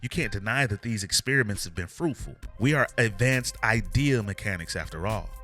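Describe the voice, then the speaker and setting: A man's voice: on the low side, expressive, brisk, fairly bright tone, faint music behind. A man voicing a scheming female villain leader with a dismissive tone.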